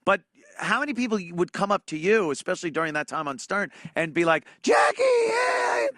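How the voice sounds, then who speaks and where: Lively, bright male co-host. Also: fairly high pitch, dry recording, studio quality. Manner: quick crude interjections and laughs. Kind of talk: casual chat.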